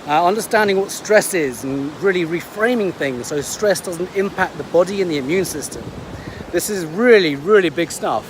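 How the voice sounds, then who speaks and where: A man's voice: high voice, lively intonation, normal speed. A man, a health coach chatting upbeat in a casual vlog story, often restarting his sentences. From England. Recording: wind and ocean noise behind.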